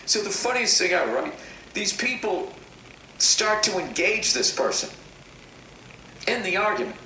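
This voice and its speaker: A man with a high, bright voice tells a comedic story with a lot of profanity. He sounds animated. The recording is roomy and distant, with faint noise behind him. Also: unhurried.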